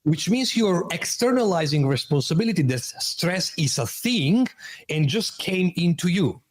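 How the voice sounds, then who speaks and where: Husky-voiced man coaching with emphasis. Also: sits high, lively intonation, unhurried. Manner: emphatic, explains with metaphors, non-native phrasing. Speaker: guest, transformation coach. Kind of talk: podcast interview.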